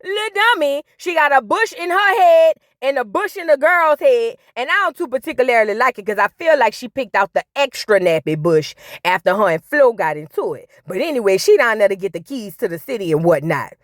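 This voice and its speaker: A woman's voice: a little high, lively intonation, a little fast, few pauses, dry recording, clean studio sound. A woman hosting a casual reality TV recap vlog, sassy, gossipy and full of slang.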